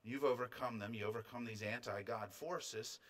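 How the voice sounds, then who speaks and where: A man preaching a sermon as pastor, rising to loud, high, drawn-out emphasis and dropping to quiet conversational asides. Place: church sanctuary.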